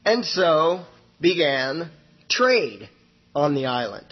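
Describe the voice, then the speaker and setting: A man's voice: a little high, very animated, slow pace, slightly rough, muffled recording. A man hosting a radio show, telling a folksy parable and acting out its characters. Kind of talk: storytelling monologue.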